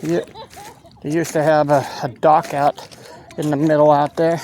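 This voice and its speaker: A man walking along a riverside levee who gives casual, halting commentary, stops to offer safety tips and is a little short of breath. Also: fairly high pitch, little pitch movement, darkish tone, slight background noise. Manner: rambling, halting, stops to give safety advice. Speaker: walking tour vlogger. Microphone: handheld phone camera while walking.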